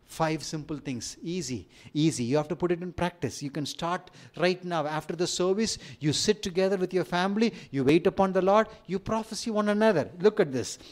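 A man's voice: on the high side, darkish tone. A middle-aged man with an Indian accent, preaching a sermon with rising emphasis and light humorous asides. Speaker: pastor.

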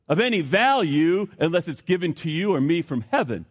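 Emphatic preaching man, fairly high voice. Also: very animated, moderate pace. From United States. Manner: emphatic, swings from loud to hushed; rhetorical questions, repeats words for emphasis. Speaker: pastor. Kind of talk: sermon.

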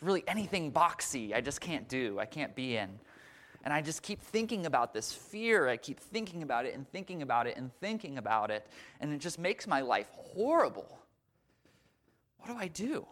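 A man's voice: high voice, sing-song, a little fast, a bit bright, long reverb tail, voice pushed up. A man voicing an anxious, fearful woman patient who trembles, stammers and pleads.

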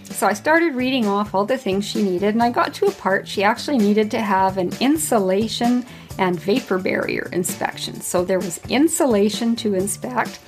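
A woman's voice: medium pitch, moderate pace, faint music behind. A middle-aged woman hosting her own podcast, telling a workplace story in a casual way and often laughing as she goes. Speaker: podcast host.

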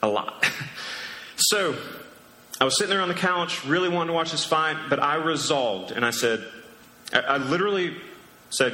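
A man's voice: a little high, moderate pace, pauses often, bright, forceful tone. A man preaching a sermon as pastor, casual and conversational with joking asides. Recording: echoey hall with long reverb.

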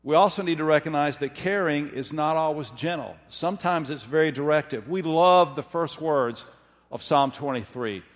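A man giving a measured, emphatic sermon, slowing down when he reads scripture. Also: a little high. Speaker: preacher. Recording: long hall reverb.

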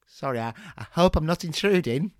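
A man's voice: a little high, lively intonation, fairly quick, dry recording, clean studio sound, close to an everyday voice. A man playing a timid, apologetic middle-aged mother who stammers in a comedy sketch. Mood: flustered.

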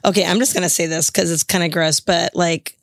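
A woman's voice: fairly low pitch, fairly quick, vocal fry, dry recording. Chatty middle-aged woman, podcast co-host, laughs a lot, dry close sound. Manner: chatty, laughs often, animated storytelling. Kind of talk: casual chat.

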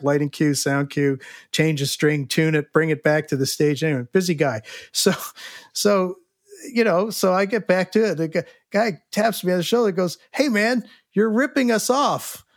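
An older man with a slightly high voice tells a rambling story in a casual, chuckling way. The sound is dry and close. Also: no room sound. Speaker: podcast guest, live sound engineer. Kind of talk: casual anecdote telling.

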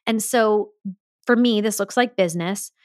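A woman's voice: medium pitch, moderate pace, a little mellow, no room sound, clean studio sound. A woman hosting a solo podcast as a business mentor, talking in an earnest, emphatic way. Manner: earnest, emphatic, acts out quoted dialogue.

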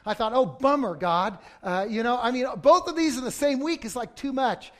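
A middle-aged male pastor preaching a conversational sermon that breaks into sudden loud outbursts. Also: extremely high pitch, lively intonation, brisk.

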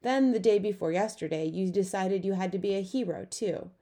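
A woman's voice: medium pitch, brisk, dark tone, lightly acted. A woman doing a practical young boy. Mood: impatient. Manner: matter-of-fact, teasing.

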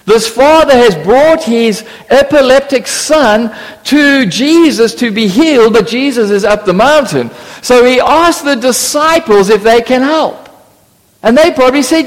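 A man's voice: very high-pitched, expressive, a little slow. A man preaching a sermon, acting out biblical voices with humorous asides. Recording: long reverb of a church hall.

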